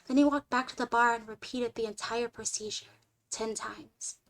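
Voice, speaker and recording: A woman streamer reading a short story aloud in an expressive way, moving between lively and hushed delivery. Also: fairly high pitch, normal speed.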